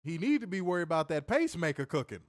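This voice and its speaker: Profane, animated male stream co-host. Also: fairly high pitch, rapid-fire, dry recording, clean studio sound. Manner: profane, animated, laughs often; reads viewer super chats aloud. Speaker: wrestling show co-host. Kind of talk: casual live-stream chat.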